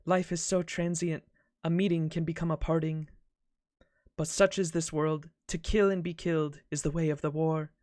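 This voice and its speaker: A man voicing a sorrowful, serenely cruel knight archer from a game, reading his lines in a calm, soft and measured way. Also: fairly high pitch, no echo, clean studio sound, voice pushed up, natural voice. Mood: coldly serene.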